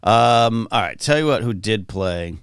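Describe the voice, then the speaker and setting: A man's voice: on the low side, lively intonation, unhurried, clean tone, no room sound, clean studio sound. A man hosting a casual morning livestream, rambling and reading viewer comments aloud from his home. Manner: chatty, rambling, reads chat aloud. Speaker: livestream host. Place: home, in California.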